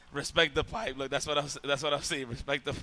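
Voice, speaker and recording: A man hosting a stream, chatting casually and reacting with excitement and laughter. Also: a little high, normal speed. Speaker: stream host. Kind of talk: casual chat.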